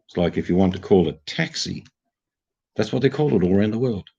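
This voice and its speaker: A man's voice: low voice, animated, fairly quick, creaky, darkish tone, slightly rough. An older man with an Australian accent, chatting casually and telling jokey stories to a livestream audience. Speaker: livestream host. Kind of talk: casual chat. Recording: dull lo-fi sound.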